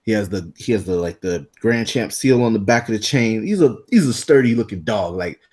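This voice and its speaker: A man co-hosting a podcast, telling a story in a casual, animated way, swearing freely and acting out the people in it. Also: on the low side, fairly quick, husky. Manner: animated, profane, acts out voices. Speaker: podcast co-host.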